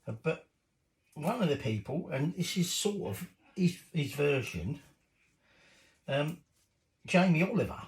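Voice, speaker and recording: A man's voice: a little high, big pitch swings, a little slow, pauses often, poor audio. A man chatting cheekily while cooking in his home kitchen, swearing casually as he goes. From Britain.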